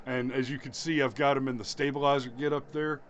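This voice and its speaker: A man's voice: medium pitch, level tone, fast, a little hiss or hum. A man hosting a podcast, telling rambling stories in a casual chat and laughing at his own jokes. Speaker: podcast host.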